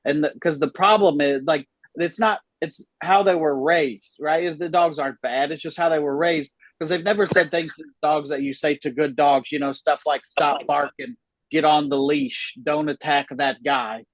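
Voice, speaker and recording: A man in his thirties doing stand-up from a room at home over a video call, chatty and self-deprecating, chuckling at his own lines. His voice sits a little high for a man, and the sound is dry and close. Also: fairly even intonation, moderate pace, hardly any pauses, no echo, rough recording. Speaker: stand-up comedian. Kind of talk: stand-up comedy set. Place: home room, a former salon.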